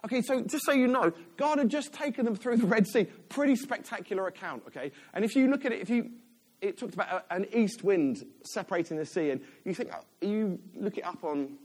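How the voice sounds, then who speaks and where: A man's voice: high-pitched, animated, brisk, darkish tone. A man, a church elder, giving a chatty, self-deprecating sermon in a church.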